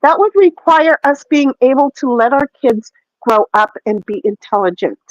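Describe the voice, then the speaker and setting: A high-pitched woman talks in a loose, rambling way, full of fillers, with the odd curse word. The audio is dry and a little dull. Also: normal speed, dry recording. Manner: rambling, profane, animated ranting with many fillers. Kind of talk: casual chat.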